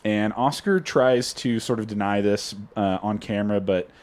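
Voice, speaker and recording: A man's voice: fairly low pitch, moderate pace, a little mellow. A man hosting a casual podcast, retelling scenes in a rambling way. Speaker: podcast host. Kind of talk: casual recap chat.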